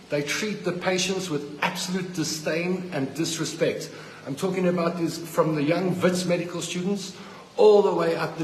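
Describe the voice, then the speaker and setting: A middle-aged South African man, a hospital patient, angrily rants into the phone he holds while filming in a ward. His voice sits on the high side and echoes as if in a large hall, with a little hiss or hum in the low-quality recording. He sounds indignant, accusing and fired up, with a South African English accent.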